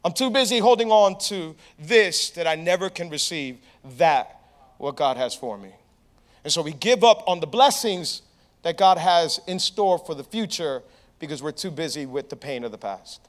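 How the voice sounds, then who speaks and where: Young pastor guy preaching, fairly high voice, lively storytelling, keeps asking the crowd stuff. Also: moderate pace. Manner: storytelling, animated, asks the crowd questions. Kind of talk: sermon.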